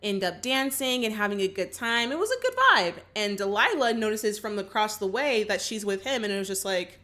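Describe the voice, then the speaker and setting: A young woman hosts a casual movie reaction at normal speed in a mid-range voice. She recaps the plot animatedly, acting out the characters' lines.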